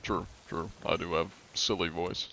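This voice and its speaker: A relaxed American man speaks in a somewhat low voice as he chats with viewers during a live game stream. His talk is loose and rambling, with plenty of casual fillers between thoughts. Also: unhurried, a little hiss or hum. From USA. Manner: laid-back, rambling, many fillers like "like". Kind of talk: casual chat with viewers while gaming.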